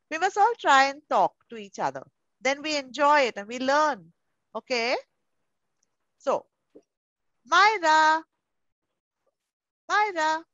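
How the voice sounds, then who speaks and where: This is a woman with an Indian English accent leading an online class for small children. Her voice sits high and bright, close and dry. The sound comes through a muffled video call as she coaxes each child affectionately. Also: no echo. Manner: coaxing, affectionate, calls children darling. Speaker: pre-school teacher.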